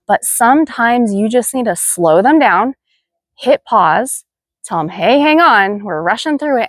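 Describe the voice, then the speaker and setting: A woman who teaches horseback riding, explaining tips to other instructors in a practical, steady way and counting out cues. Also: fairly low pitch, dry recording, studio quality. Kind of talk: instructional video talk.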